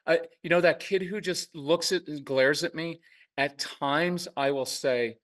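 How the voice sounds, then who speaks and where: A man talking casually in an interview, telling lively parenting stories and acting out parents and kids in quick asides. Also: a little high, recorded from a distance. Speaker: parenting podcast host and guest expert. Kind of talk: conversational interview.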